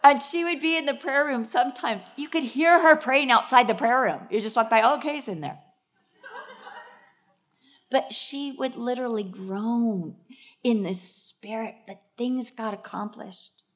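A middle-aged woman preaching a sermon. She tells stories in an animated way and acts out the voices. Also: on the high side, normal speed.

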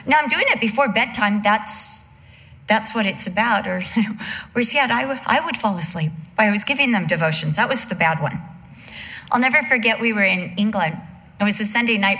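A woman's voice: fairly high pitch, fairly bright tone. A middle-aged woman giving a conversational teaching message, candid and humorous, full of asides. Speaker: women's Bible teacher.

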